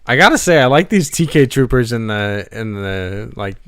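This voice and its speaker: Lively, excitable man reacting. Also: medium pitch, moderate pace, clear, resonant tone, no echo. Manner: excitable, laughs often, slangy asides. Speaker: reaction streamer. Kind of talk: casual live reaction commentary.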